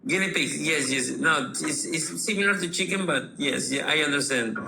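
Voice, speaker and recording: A man from Peru with a Peruvian Spanish accent, speaking halting learner English in a class on a video call. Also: on the high side, vocal fry, noisy background. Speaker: student. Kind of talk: casual conversation.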